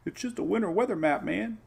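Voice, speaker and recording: A man hosting a casual live weather show, chatting in a rambling way with excitable asides while looking over the maps. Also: sits high, creaky, slightly rough.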